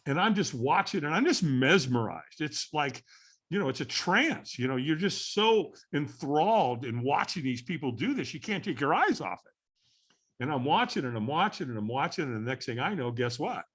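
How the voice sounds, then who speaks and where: A middle-aged man, a podcast guest, tells a story with animated repetition. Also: on the high side, normal speed, slightly rough. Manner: animated storyteller who repeats phrases for effect. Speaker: podcast guest, firewalking instructor.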